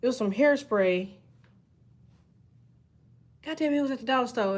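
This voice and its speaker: Woman, tarot reader, casual stream chat, profane, laughs often, slightly high-pitched. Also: normal speed. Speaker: tarot reader reacting to viewer comments.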